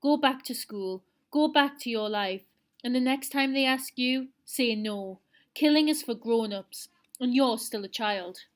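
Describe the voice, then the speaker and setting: A woman reading aloud, voicing a calm male assassin who speaks softly and reasonably. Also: on the high side, unhurried, natural voice. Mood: cold calm. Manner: soft, reasonable, detached.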